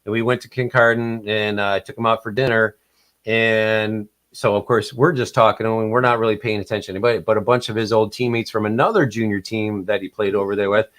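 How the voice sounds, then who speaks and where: A man's voice: on the low side, flat delivery, a little fast, a bit bright. A man from Michigan chatting on a video call, telling stories in a rambling, hesitant way with many fillers. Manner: rambling, hesitant, lots of uh and restarts. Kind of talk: casual storytelling chat.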